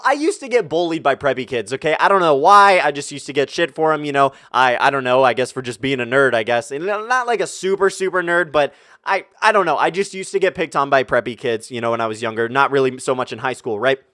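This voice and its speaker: A man's voice: on the high side, lively intonation, fast talker, few pauses, pushed and bright, smooth, no room sound, studio quality. A young man hosting a gaming channel, telling a profane, rambling storytime over gameplay commentary.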